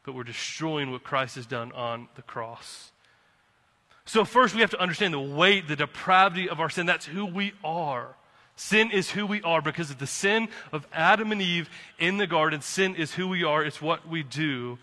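A man preaching a sermon as pastor from the pulpit, impassioned, swinging from quiet to fired-up. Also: a little high, normal speed. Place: church sanctuary. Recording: long reverb of a hall.

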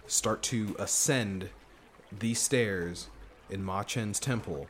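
A man, the game master, wrapping up a session in relaxed, chatty talk that repeats itself. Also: fairly low pitch, slow. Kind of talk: casual podcast wrap-up chat.

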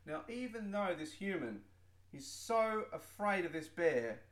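A man co-hosting a comedy podcast, telling stories in an animated way and acting out the people he quotes. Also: high-pitched, unhurried, roomy sound. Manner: animated storyteller, acts out quoted voices. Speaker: podcast co-host. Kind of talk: casual comedic chat.

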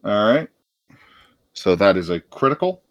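A man's voice: lowish voice, sing-song, measured pace, fairly bright tone, no room sound, lo-fi sound. A man acting as game master, narrating a tabletop game in a laid-back way and chuckling often.

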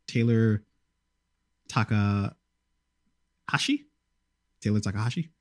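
A man's voice: on the low side, level tone, takes it slowly, mellow, no echo, clean studio sound. A man hosting a podcast in a casual, rambling way, with many ums and some swearing. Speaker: podcast host. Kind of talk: casual film chat.

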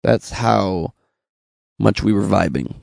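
A man's voice: lowish voice, expressive, slow pace, gravelly, darkish tone, no room sound, studio quality. A young man from Los Angeles hosting a comedy podcast, riffing sarcastically and slipping into mock voices. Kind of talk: comic monologue.

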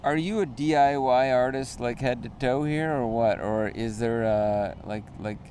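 Easygoing swearing interviewer outdoors. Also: male voice, mid-range voice, a little slow, darkish tone. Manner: loose, swears casually, frequent "yeah". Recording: faint street and traffic noise.

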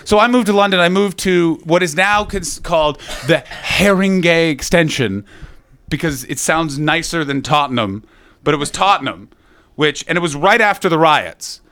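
A man's voice: a little high, expressive, moderate pace, fairly bright tone, dry recording. A man from Canada doing stand-up crowd work, brash and teasing, swearing freely, on a handheld mic. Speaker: stand-up comedian. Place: comedy club stage.

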